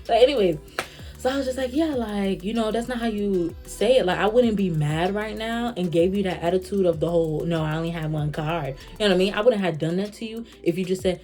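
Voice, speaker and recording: A young woman vlogger telling a casual storytime rant, acting out both sides of an argument in an animated way. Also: mid-range voice, quick pace, faint music behind.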